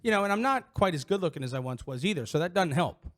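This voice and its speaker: High, bright and animated, this middle-aged podcast co-host talks fast while sharing personal anecdotes. It's casual chat, candid and meandering, peppered with false starts and filler words.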